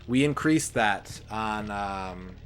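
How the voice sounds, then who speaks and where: A young man with a lowish voice chats as he plays, drifting from story to story with a sarcastic edge. Game music runs under his talk the whole time. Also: expressive, slow. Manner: chatty, sarcastic, rambling asides. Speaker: streamer. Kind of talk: casual chat while streaming a game.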